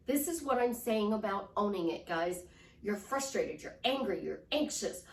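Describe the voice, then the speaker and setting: A woman's voice: a little high, lively intonation, a little slow, far from the mic. A woman life coach teaching with enthusiasm, swinging her voice up and down to show how tone changes. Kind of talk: motivational teaching. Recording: roomy echo, voice from off-mic.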